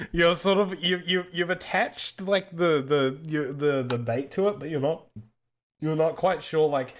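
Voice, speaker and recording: A man narrating as game master for a tabletop game, rambling and halting, often laughing. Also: on the high side.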